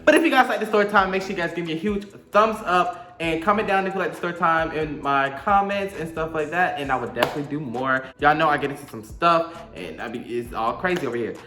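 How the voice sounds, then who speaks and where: A man's voice: on the high side, quick pace, few pauses, sharp tone, reverberant. A young man, telling a profane, dramatic storytime monologue to camera and acting out his own quotes. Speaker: storytime vlogger.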